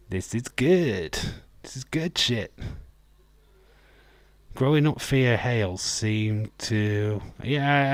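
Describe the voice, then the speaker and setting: A Yorkshireman chats his way through a live wrestling watch-along, answering viewer messages and laughing freely. His voice runs on the low side and there's no echo.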